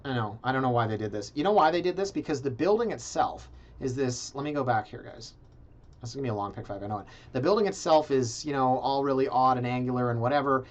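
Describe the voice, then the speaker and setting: A man hosting a casual video, reviewing condo listings in a sarcastic, animated way and talking straight to his viewers. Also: mid-range voice. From Canada. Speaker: realtor and video blog host. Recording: slightly dull, lo-fi sound.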